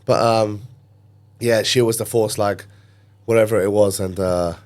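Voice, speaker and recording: London man telling animated stories. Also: fairly low pitch, measured pace. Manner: animated storyteller who acts out quoted voices. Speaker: podcast guest, gym owner. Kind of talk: casual storytelling interview.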